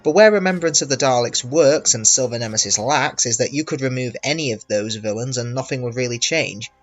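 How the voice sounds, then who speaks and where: A man's voice: mid-range voice, brisk. A man narrating a scripted review, opinionated and wry, with emphatic stresses. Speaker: video reviewer.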